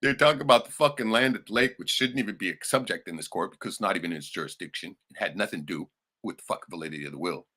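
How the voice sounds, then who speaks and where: Low-voiced man with a bright edge, profane livestream rant, scoffing laughs. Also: rapid-fire, husky. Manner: profane, heated, laughing asides. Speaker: livestream host. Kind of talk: ranting livestream monologue.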